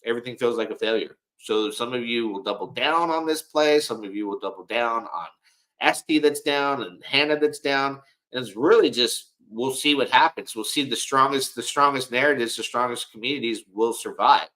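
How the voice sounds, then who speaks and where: A man's voice: mid-range voice, moderate pace, bright, forceful tone, poor audio. A man hosting a casual livestream, talking in a rambling, frank way and often repeating and restarting his words. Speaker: livestream host.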